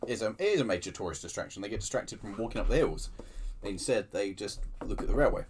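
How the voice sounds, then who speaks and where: A man's voice: on the low side, expressive, quick pace, a little hiss or hum. A man hosting a casual livestream, chatting in a rambling, self-deprecating way with many restarts, keyboard typing behind him. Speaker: livestream host.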